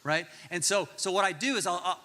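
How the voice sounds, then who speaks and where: A man preaching animated, joking pastor in a reverberant hall. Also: sits high, fairly quick. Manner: animated, jokey, acts out voices in his stories. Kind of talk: sermon with comic storytelling. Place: large church auditorium.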